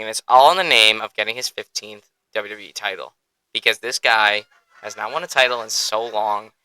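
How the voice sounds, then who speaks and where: Excitable man with a bright, crisp voice. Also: medium pitch, no echo, poor audio. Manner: excitable, profane, laughs often. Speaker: podcast host. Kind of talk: casual podcast chat.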